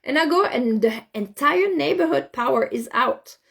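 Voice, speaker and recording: A woman tells a story in a relaxed, conversational way. Her voice sits a bit high and has a gravelly, fry-laden edge. She talks with animation, often doubling back to repeat or restart her words. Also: moderate pace. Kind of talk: casual spoken storytelling.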